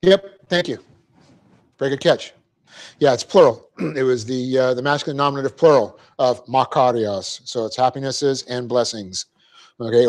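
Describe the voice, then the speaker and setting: Teaching Greek grammar to a Bible class in a church classroom, a middle-aged man explains patiently in a mid-range voice. He checks in with students often and cheerfully laughs off his own slips.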